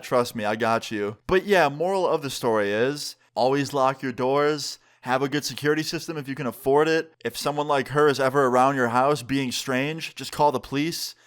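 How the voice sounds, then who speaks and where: A man's voice: medium pitch, brisk, hardly any pauses, clear, resonant tone. A young man vlogging a storytime in casual slang, acting out the dialogue. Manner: animated, slangy, acts out dialogue.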